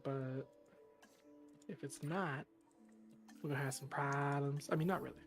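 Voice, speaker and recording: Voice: medium pitch, fairly even intonation, measured pace. Rambling, filler-heavy co-host, mid-range voice, faint music behind. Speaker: co-host in a game stream. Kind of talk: casual chat.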